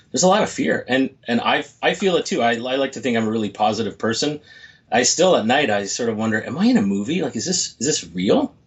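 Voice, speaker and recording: Forties guy, speaker type, chatty and reflective, audio a bit muffled. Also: lowish voice. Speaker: motivational speaker. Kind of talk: casual interview chat.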